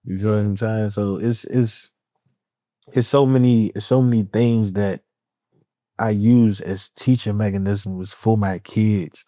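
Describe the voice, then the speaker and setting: A man's voice: on the low side, a little slow, dry recording, studio quality. A man talking as a podcast guest in a candid conversation, with streetwise speech, often checking in with "you know what I'm saying". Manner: animated and laughing when talking about friends.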